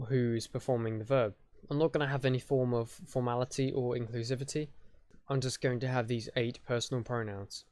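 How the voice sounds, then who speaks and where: A man's voice: mid-range voice, darkish tone. A man hosts a casual tutorial, explaining grammar in a loose, chatty way with fillers and self-corrections. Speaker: conlang tutorial host.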